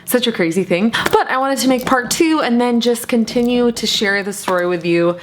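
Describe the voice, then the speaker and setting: A young woman vlogger telling a personal story in a chatty, animated way, with lots of fillers and repeated words. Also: a little high, moderate pace, background noise. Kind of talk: casual storytelling to camera.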